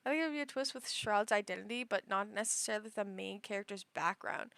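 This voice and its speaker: A woman's voice: mid-range voice, quick pace, creaky, a bit bright, no room sound. A young woman livestreaming, chatting casually in a rambling way, full of fillers and restarts. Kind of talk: casual chat.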